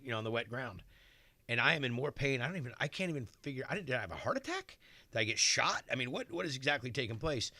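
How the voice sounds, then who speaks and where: Bright-voiced man telling animated stories. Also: medium pitch, no echo. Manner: animated, tells stories acting out other people's lines. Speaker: celebrity chef guest. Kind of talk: radio interview storytelling. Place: radio studio.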